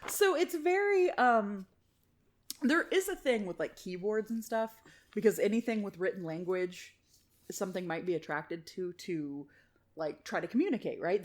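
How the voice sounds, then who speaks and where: A woman co-hosting a podcast, reading a listener's story aloud and chatting casually, swearing and laughing often. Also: medium pitch. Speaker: podcast co-host.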